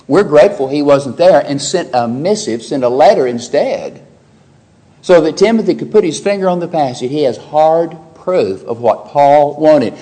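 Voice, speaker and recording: A man delivering an expository sermon, his voice sitting a little higher than most men's. He talks earnestly and leans hard on key words, rising and falling in pitch and loudness as he drives each point home. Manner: emphatic, earnest, with wide swings in pitch and loudness. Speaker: preacher.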